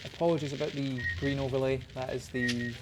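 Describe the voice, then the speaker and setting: Scottish male streamer, mid-pitched, dry teasing banter, heavy noise hiss underneath. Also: level tone, brisk. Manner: chatty, teasing, wry. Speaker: game stream co-host. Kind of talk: casual let's-play chat. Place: small streaming studio. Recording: loud background noise hiss.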